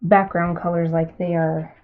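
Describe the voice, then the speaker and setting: A woman painting on a live stream and thinking aloud in a casual, unhurried way, often trailing off mid-thought. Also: lowish voice, flat delivery. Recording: thin phone-like sound.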